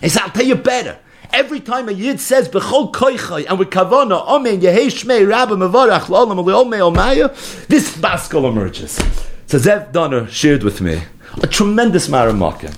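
A man's voice: high-pitched, moderate pace. A man teaching a Talmud lesson as a story, acting out the quoted speech and mixing Hebrew and Yiddish terms into his English. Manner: lively storyteller who acts out quoted speech. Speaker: Torah teacher.

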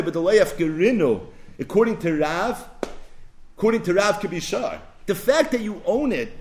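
A man with a fairly high voice teaches a Talmud lesson. His pitch swings widely as he throws out questions and answers them at once. He keeps the delivery lively and emphatic. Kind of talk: animated Talmud lecture.

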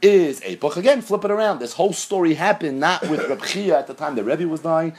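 Husky man teaching Talmud in English. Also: a little high, lively intonation, brisk, darkish tone. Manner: mixes Yeshivish Hebrew and Aramaic terms into English explanation. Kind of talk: Talmud lesson, translating Aramaic into English.

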